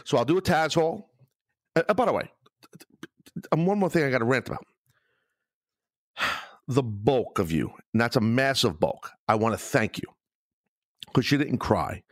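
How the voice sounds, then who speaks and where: A man's voice: mid-range voice, animated, moderate pace, long pauses, dry recording, clean studio sound. A man hosting his own podcast alone, ranting with heavy swearing and sarcasm. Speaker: podcast host. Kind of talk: solo podcast rant.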